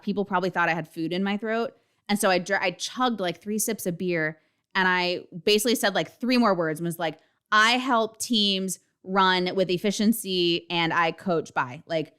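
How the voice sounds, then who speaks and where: A woman's voice: on the low side, fairly bright tone, clear, resonant tone. A woman in her thirties hosting her own podcast, talking candidly and emphatically, with frequent swearing. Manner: frank and profane, emphatic. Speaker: podcast host. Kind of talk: candid solo podcast talk.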